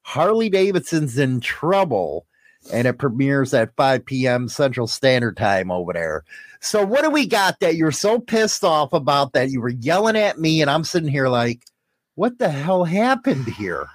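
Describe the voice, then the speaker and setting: A man's voice: mid-range voice, very animated, normal speed, dry recording. A man co-hosting a casual talk show, joking loosely and swearing freely. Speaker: podcast co-host. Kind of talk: casual chat. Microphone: studio mic with headphones.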